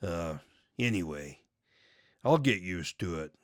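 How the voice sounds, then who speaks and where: A man doing a mellow stoner hippie. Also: low voice, animated, slow, no echo, clean studio sound. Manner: drawling, easygoing, says "man" and "stay cool". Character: laid-back stoner hippie man, animated co-host. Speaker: co-host. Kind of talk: casual show sign-off.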